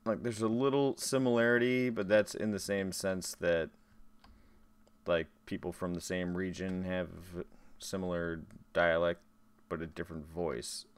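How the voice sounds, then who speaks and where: A man's voice: sits low, flat delivery, a little slow, smooth. A man streaming a game, chatting casually with his viewers between tasks. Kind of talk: casual live-stream chat while gaming.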